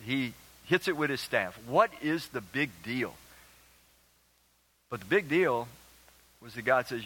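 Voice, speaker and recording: A man's voice: high voice, sharp tone, rough recording. A man preaching a sermon, reading scripture aloud and earnestly quizzing his congregation. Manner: asks the congregation questions; emphatic and earnest.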